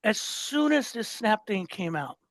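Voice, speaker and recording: A man's voice: high-pitched, big pitch swings, measured pace, a bit bright, no room sound, rough recording. An older man co-hosting a political podcast, ranting with passion and plenty of profanity. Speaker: podcast co-host. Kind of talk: heated political podcast chat.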